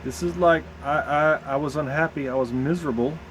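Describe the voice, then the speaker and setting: A man with a Southern American accent talking candidly into the camera in a personal vlog, halting and searching for words with many restarts. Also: on the high side, fairly even intonation, a little hiss or hum.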